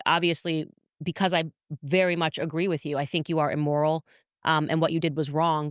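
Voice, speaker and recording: A woman's voice: sits low, smooth, no room sound, studio quality. A woman hosting a podcast, questioning her guest in a direct, opinionated way. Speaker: podcast host, interviewer. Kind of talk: interview questions.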